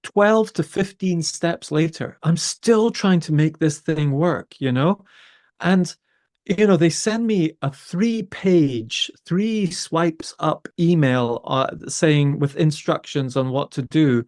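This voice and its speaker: A man, a podcast host telling a story with exasperated, animated energy. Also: on the high side, slow. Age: 50s. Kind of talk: conversational storytelling.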